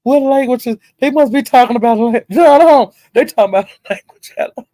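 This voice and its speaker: A livestream host riffs casually with her chat, calling viewers by name and laughing between lines. She swears heavily and swings from loud outbursts to low muttering. The recording is brisk and dry, her voice close with no room sound.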